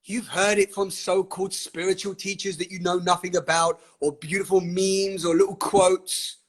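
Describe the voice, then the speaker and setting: A man's voice: sits high, flat delivery, normal speed. A man hosting a live online session, talking with fiery, emphatic passion, laughing often and swearing freely. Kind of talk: passionate live-stream talk. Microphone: webcam or phone on a live stream.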